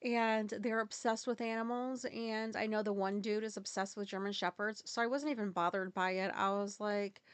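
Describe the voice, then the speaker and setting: A woman's voice: medium pitch, fairly even intonation, moderate pace, clear, resonant tone, dry recording. A woman telling a personal story in a casual, rambling, candid way, swearing freely and using many fillers. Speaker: podcast host.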